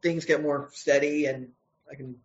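A man's voice: on the high side, steady tone, moderate pace, highs cut off. A man, a comic book writer and co-creator, answering interview questions in a casual, hesitant way.

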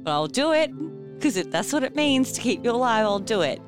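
A woman voicing a gruff but caring female bear-barbarian warrior in a low, hushed, blunt voice. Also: very animated, a little fast, music in the background. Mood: tender, exasperated.

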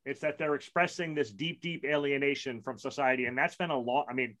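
A man's voice: mid-range voice, fairly even intonation, fairly quick, a bit bright. A man co-hosting a music podcast, arguing his point in a blunt, emphatic way. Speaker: podcast co-host. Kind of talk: casual music chat.

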